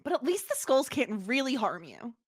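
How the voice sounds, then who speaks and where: A woman's voice: fairly high pitch, normal speed, husky, no room sound, clean studio sound. A woman co-hosting a podcast, chatting casually and giggling as she recaps a TV episode. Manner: giggly, animated, laughs often while retelling scenes. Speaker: podcast co-host.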